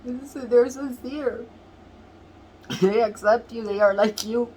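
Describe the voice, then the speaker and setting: A woman giving a tarot reading to camera, emotional and earnest, often laughing softly and near tears as she repeats phrases. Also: a little high, slow pace, a little hiss or hum, rough recording. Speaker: tarot reader.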